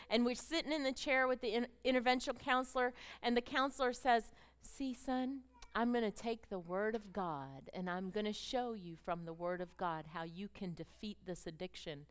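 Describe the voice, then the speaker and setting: A middle-aged woman preaching a personal testimony to a room of women. Her voice sits a little high and comes across smooth and clear. She swings between quiet, tender storytelling and loud, fervent declarations. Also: normal speed, hardly any pauses. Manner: emotional storytelling, rising to fervent exclamations. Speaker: speaker at a women's gathering. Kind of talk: testimony sermon.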